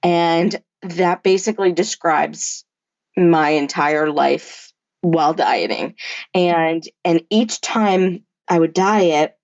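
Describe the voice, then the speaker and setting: A low-pitched woman speaks candidly as a podcast guest, full of "like" and "you know" and quick restarts. The sound is dry and a little dull, like a lo-fi remote recording. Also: a little mellow, no echo. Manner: frank, many fillers and restarts, occasional swearing and laughs. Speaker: therapist and body-image coach, podcast guest. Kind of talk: candid conversational storytelling.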